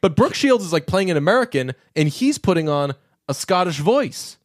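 A man's voice: high-pitched, big pitch swings, normal speed, dry recording, studio quality. A man co-hosting a podcast, chatting casually about movies, rambling with many restarts and fillers. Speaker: podcast co-host.

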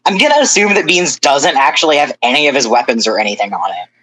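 A woman's voice: extremely low pitch, lively intonation, quick pace, a crowd in the background, rough recording. A woman player in a tabletop game, talking casually and rambling with self-corrections. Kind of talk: casual chat.

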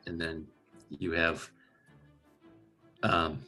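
A man with a low-set, bright, forceful voice hosts a podcast. He chats casually and keeps stopping to retell scenes. Faint music plays underneath. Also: steady tone, slow. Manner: retells scenes and quotes lines. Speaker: podcast host. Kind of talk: casual movie discussion.

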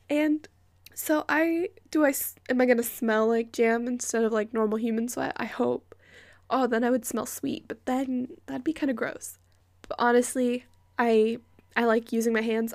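Close-miked in a hot bedroom, a young female podcast host rants casually, sarcastic and profane, now and then sinking into a whisper. She has a slightly high voice with vocal fry, and the recording is dry.

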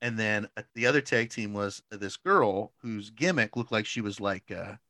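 On a casual podcast, this co-host tells a meandering story in a lowish voice with a sharp tone at normal speed, sprinkling in lots of "like" and frequent laughs. There's no echo.

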